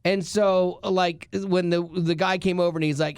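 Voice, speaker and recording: A man's voice: high-pitched, fairly even intonation, moderate pace, clear, resonant tone, dry recording. A married man co-hosting a talk show, telling stories casually and ranting with passion. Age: adult, married. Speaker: radio show co-host. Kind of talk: casual studio banter.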